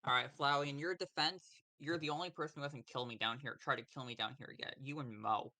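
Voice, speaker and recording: A man chatting casually while playing a game on stream, with a bright, forward tone at an everyday pitch. His remarks are dry and wry. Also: steady tone, quick pace.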